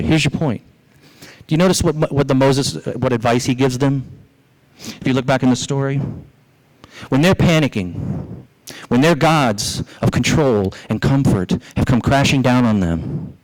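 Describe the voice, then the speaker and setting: A man pastor preaching a sermon in a church, asking rhetorical questions, with his voice leaping up in pitch as he drives his points home. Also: moderate pace, rough recording.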